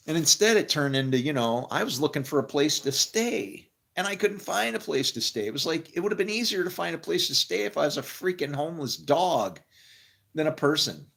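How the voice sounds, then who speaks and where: A man giving a rambling personal monologue, laughing often and trailing off into quiet mumbles. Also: on the high side, very animated, moderate pace, creaky. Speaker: storyteller.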